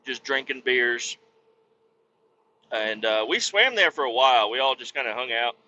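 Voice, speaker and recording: Expressive and mid-range, this podcast host's voice is pushed and bright as he tells a story at normal speed in a casual, cursing rant, mimicking the voices of others. Faint hiss and slight muffling color the recording.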